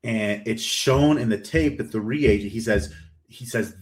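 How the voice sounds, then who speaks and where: A man hosting a podcast, recapping a horror story in a casual, animated way and briefly acting out the lines of its characters. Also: fairly low pitch, unhurried. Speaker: podcast host.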